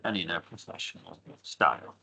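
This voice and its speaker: A man's voice: low-pitched, expressive, normal speed, gravelly, bright, forceful tone, slightly rough, rough recording. A man teaching an online English grammar lesson, patiently explaining and asking rhetorical questions.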